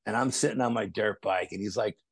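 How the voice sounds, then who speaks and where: Gravelly New storyteller, middle-aged man. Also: lowish voice, brisk, no room sound. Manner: animated storyteller, repeats phrases for emphasis. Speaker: podcast guest. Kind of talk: storytelling in casual conversation.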